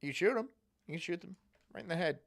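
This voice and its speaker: A man's voice: high voice, lively intonation, fairly quick, creaky. Profane, rambling male streamer. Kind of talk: casual chat.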